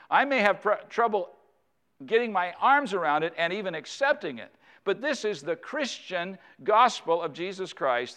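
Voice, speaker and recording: A man's voice: a little high, a bit bright, clean tone. A male pastor preaching a sermon in a conversational way, asking his congregation rhetorical questions.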